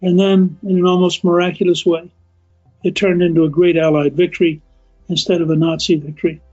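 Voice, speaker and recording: A man's voice: high voice, flat delivery, brisk, a little mellow, soft background music. A man hosting a podcast, narrating a history story in a conversational, emphatic way that addresses listeners directly. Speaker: podcast host. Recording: dull lo-fi audio.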